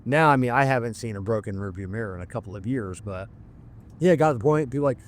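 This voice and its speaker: A man's voice: mid-range voice, fast, a little hiss or hum. A middle-aged man who works as a mechanic, hosting a podcast in a casual monologue and ranting bluntly with lots of swearing.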